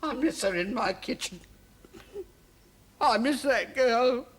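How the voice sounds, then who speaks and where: An actress playing a strict middle-aged cook in a great house, speaking in a husky, halting voice. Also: female voice, fairly high pitch, animated, a little hiss or hum. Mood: grieving. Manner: defensive then grieving, broken speech. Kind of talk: period television drama.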